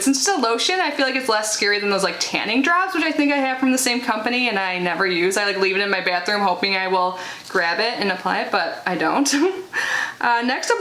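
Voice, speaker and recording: Reading product blurbs during a casual unboxing, a young woman vlogger chats freely with plenty of filler words. Her voice is mid-range, pushed and bright, and the recording has room echo and faint noise.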